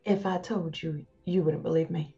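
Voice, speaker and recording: A woman's voice: sits low, steady tone, normal speed, vocal fry, warm tone, lo-fi sound, soft background music. A woman playing a tabletop game, talking in a hesitant, laughing way. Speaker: player.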